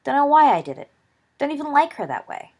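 A woman voicing a quiet, moody teenage schoolboy who mumbles in a glum, dry way, reading a story aloud. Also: high voice, big pitch swings, quick pace, voice pushed up. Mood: wary.

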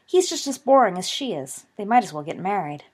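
Woman doing a joking schoolboy wizard, bright and pitched up, audiobook voice. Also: very animated, a little fast. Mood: cheeky. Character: cheeky witty schoolboy wizard, about eleven. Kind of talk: audiobook character voice.

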